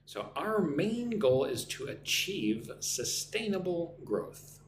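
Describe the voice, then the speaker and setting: American man, online English teacher, slow deliberate pace, echoey room, faint noise behind. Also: a little high, very animated. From United States. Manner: slow, careful, repeats phrases for learners to shadow. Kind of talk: live-stream English lesson.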